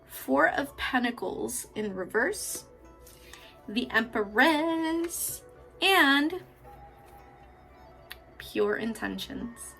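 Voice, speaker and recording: A woman's voice: sits high, expressive, very slow, creaky, long pauses, sharp tone, faint music behind. A woman giving a casual pick-a-card tarot reading, chatty, affectionate and freely profane, often laughing. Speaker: tarot reader.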